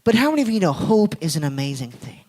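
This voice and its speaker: A man's voice: a little high, sing-song, fast talker, a little mellow, poor audio. A man speaking at church, telling an emotional family story as part of a sermon. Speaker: guest speaker.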